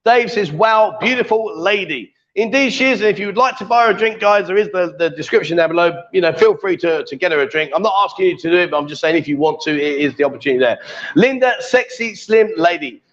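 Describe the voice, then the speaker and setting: A man's voice: high voice, lively intonation, fast, a bit bright, muffled recording. A man hosting a casual live stream, teasing and joking as he reads out viewer comments. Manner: jokey, teasing, coaxing. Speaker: livestream host.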